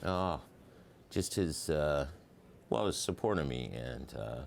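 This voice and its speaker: A man's voice: extremely low pitch, lively intonation, slow pace, vocal fry. A man, a historian, telling anecdotes as a guest in a news interview, chatty and often chuckling. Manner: chuckling, loose and chatty with many fillers.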